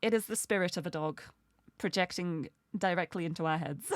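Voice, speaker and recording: A woman's voice: lowish voice, moderate pace, dry recording. A bubbly, giggly woman chatting casually while she plays a video game live. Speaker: streamer.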